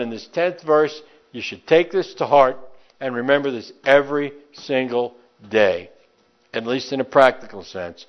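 A man's voice: mid-range voice, moderate pace, muffled recording. A man with a New York accent preaching a sermon and reading scripture aloud, stretching out words for emphasis.

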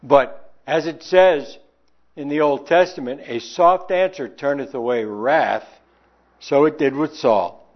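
Male preacher, slightly high voice, emphatic and questioning, muffled lo-fi recording. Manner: emphatic rhetorical questions, reading old scripture aloud. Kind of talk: sermon with scripture reading. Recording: dull lo-fi sound.

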